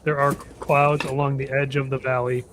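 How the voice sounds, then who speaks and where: A man carefully reading a devotional text aloud in a slow, measured, gentle manner. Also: medium pitch, little pitch movement, slight background noise.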